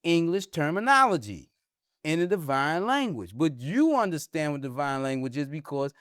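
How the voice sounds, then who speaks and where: A man's voice: big pitch swings, moderate pace, a bit bright, no room sound, clean studio sound. Man teaching with rising emphasis. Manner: teaching, asks "huh?" to check listeners follow; rises in pitch and force when stressing a point. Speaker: religious teacher. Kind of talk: religious discussion.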